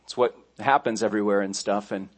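A man's voice: on the low side, steady tone, brisk. A man pastor delivering a sermon, telling stories conversationally, with restarts and asides along the way.

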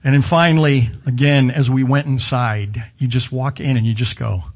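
A man's voice: mid-range voice, fairly even intonation, normal speed, lo-fi sound. A middle-aged man preaching a sermon in a conversational way, with asides and self-corrections. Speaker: pastor. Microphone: camera video with slides behind him.

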